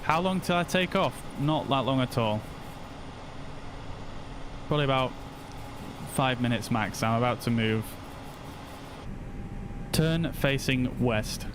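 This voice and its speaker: A man giving casual commentary while streaming a flight simulator, switching to slow, flat voice commands now and then. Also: medium pitch, background noise. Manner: slow, flat voice commands between chatty asides.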